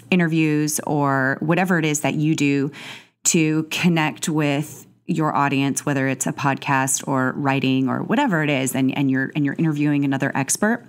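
A woman with a low, deep-set voice hosts her podcast in a loose, chatty solo intro. She gushes and rambles with ums and restarts. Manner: chatty, gushing, with fillers. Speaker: podcast host. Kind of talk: casual solo intro monologue.

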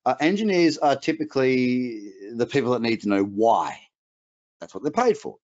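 A middle-aged trading coach with an Australian accent tinged with English presents a webinar, sounding emphatic and motivational with chatty asides. His mid-range voice is animated and a little mellow, at a moderate pace. The recording is muffled and lo-fi.

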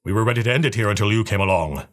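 A man reading aloud voices a tall, weathered desert worker with old-fashioned, plain speech, in his own husky voice. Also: on the low side, rapid-fire, natural voice.

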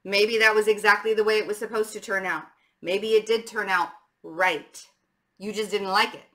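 A woman's voice: mid-range voice, fairly even intonation, normal speed, fairly bright tone. A young adult woman giving a casual tarot reading to camera, chatty, frank and emphatic. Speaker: tarot reader.

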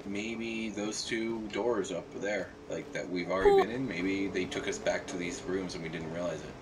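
A man hosting a let's play, thinking aloud in relaxed, casual chat while playing. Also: sits low, normal speed. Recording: distant mic with background noise.

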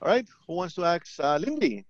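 A man from New York with a Colombian-tinged accent, presenting a live teaching webinar in a lively, playful way. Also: high voice, a little fast, dry recording, lo-fi sound. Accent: Colombian-tinged New York English. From New York, of Colombian roots. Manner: lively, playful, acts out little dialogues.

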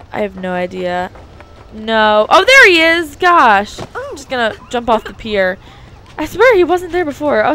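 A young woman chatting casually with lots of fillers as she plays a video game. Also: on the high side. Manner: chatty, filler-heavy, excitable. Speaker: let's play host. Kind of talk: casual gameplay commentary.

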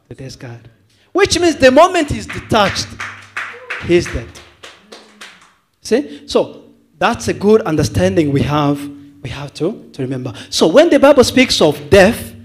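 A male evangelist preaching a sermon to a church, asking the congregation questions and repeating words as he thinks. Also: high-pitched.

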